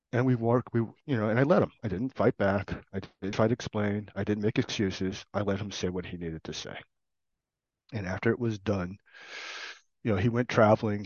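Middle-aged guy, lowish voice, telling his story slow and earnest, dull dry recording. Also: no room sound. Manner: earnest, reflective, speaks in short halting phrases. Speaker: program participant sharing his story. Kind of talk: personal recovery testimony.

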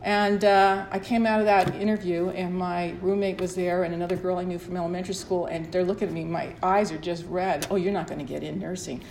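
A woman's voice: on the low side, little pitch movement, brisk, hardly any pauses, darkish tone, slight background noise. A middle-aged woman telling her own story at a support meeting in a candid, rambling way with restarts. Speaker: recovery meeting speaker. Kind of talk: personal sharing at a support meeting. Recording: echoey room, faint ambience.

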